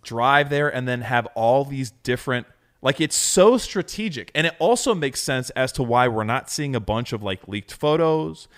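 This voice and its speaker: A man's voice: mid-range voice, animated, normal speed, fairly bright tone. A man co-hosting a casual podcast chat, talking enthusiastically and rambling with lots of fillers. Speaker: podcast co-host.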